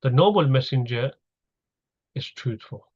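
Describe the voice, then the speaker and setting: A man's voice: mid-range voice, animated, measured pace, breathy edge. A man with a middle-range voice leads a recorded grammar lesson. He explains each step patiently and repeats the key terms. The recording sounds slightly dull and lo-fi. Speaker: Arabic grammar teacher.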